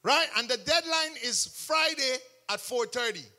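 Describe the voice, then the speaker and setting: A man preaching a sermon testimony, telling the story with animation, bursting into shouts and acting out what others said. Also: very high voice, animated, measured pace. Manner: acts out other people's words in quotes.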